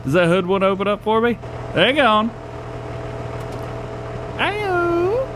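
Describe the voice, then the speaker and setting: Gaming channel guy chatting over gameplay, laughs a lot, voice going a bit hoarse, kinda high pitched. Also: fast talker, noisy background. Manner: animated, chatty, laughs often. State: losing his voice. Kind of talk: gameplay commentary.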